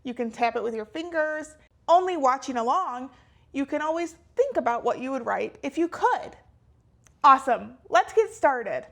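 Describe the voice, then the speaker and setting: A woman teaching a children's phonics lesson, cheerful and clearly enunciating each word for young learners. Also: high-pitched, fairly bright tone.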